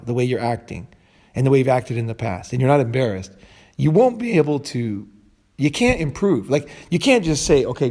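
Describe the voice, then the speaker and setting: A man's voice: mid-range voice, a little mellow. A man hosting a casual podcast chat, talking bluntly and rambling, often restarting his sentences and swearing. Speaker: host.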